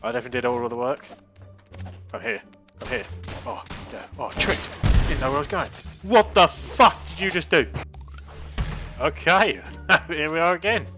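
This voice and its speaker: A man's voice: on the high side, normal speed, pauses often, faint music behind. A man hosting his gaming channel, bantering casually and yelping and laughing a lot over the gameplay. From United Kingdom. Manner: excitable, yelps and laughs a lot.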